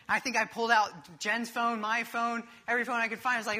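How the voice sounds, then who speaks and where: This is a young man delivering a sermon, with a high, bright voice that carries sharply. He tells his story vividly and animatedly, and he moves easily between humour and earnest preaching. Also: level tone, fast, few pauses.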